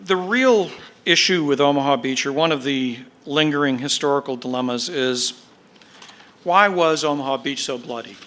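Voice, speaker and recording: A man giving a history lecture to an audience, explaining in a measured way with fillers and emphatic stresses. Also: mid-range voice, fairly bright tone. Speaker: guest speaker, military historian. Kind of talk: podcast lecture.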